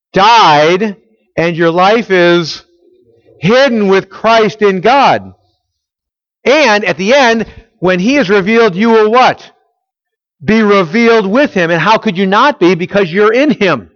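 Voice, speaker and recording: A man's voice: high-pitched, fairly bright tone, no room sound. A man preaching a sermon, asking the audience questions and filling in the answers himself. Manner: quizzes listeners, fills in his own questions. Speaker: pastor. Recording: dull lo-fi, dry.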